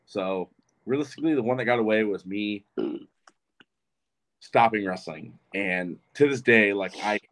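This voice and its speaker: A man's voice: lowish voice, a little slow, pauses often, a bit bright. A man in his twenties, a podcast guest, telling a rambling, profane story in casual chat. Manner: rambling and profane, with frequent restarts.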